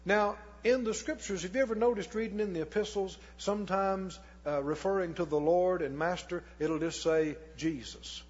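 A man preaching a sermon as pastor, reading scripture slowly and putting questions to the congregation that he answers himself. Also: high-pitched, darkish tone. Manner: reads scripture slowly and deliberately. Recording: long hall reverb, dull lo-fi sound.

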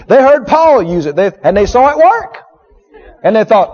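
A man's voice: very high voice, big pitch swings, measured pace, a little mellow, husky. A man preaching a sermon, emphatic and repetitive, acting out quotes with humor. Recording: dull lo-fi sermon recording.

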